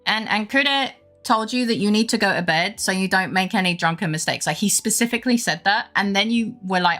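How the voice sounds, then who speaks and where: Woman streamer, bright tone, rambling storyteller, faint music underneath. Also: medium pitch, normal speed. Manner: rambling animated storytelling, laughing. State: unwell with brain fog. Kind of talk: casual chat with live chat.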